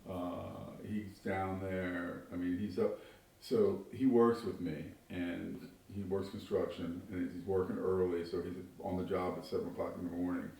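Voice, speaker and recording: A man's voice: low voice, little pitch movement, normal speed, vocal fry, mellow. A man who works construction speaks casually in a documentary interview, rambling and correcting himself as he goes. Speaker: construction worker and Kenny's host parent. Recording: very echoey room, distant mic.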